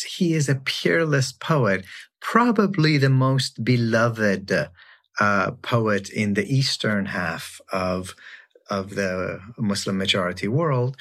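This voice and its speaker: A man talking thoughtfully in an online interview, sometimes reading poetry lines in a hushed voice. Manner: slow, lively pitch, reads poem lines with hushed voicing. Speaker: guest scholar.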